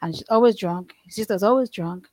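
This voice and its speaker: Middle-aged woman, earnest testimony, restarts a lot, mid-pitched voice. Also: a little fast, a little mellow, dry recording, poor audio. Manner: earnest, rambling, with frequent restarts and nonstandard grammar. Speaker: guest sharing her life story. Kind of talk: emotional personal testimony.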